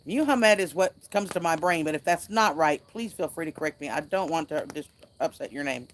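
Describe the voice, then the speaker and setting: A woman's voice: low voice, a little fast, a little hiss or hum. A woman hosting a casual outdoor livestream by a fire, chatting and reading viewer comments aloud. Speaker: livestream host.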